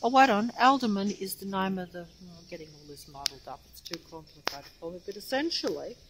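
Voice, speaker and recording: A woman's voice: medium pitch, lively intonation, crowd noise, rough recording. Breathless older woman reading a plaque. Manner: rambling, loses her place, reads haltingly. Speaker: local history vlogger. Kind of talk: rambling walking vlog. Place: outdoors by a street plaque.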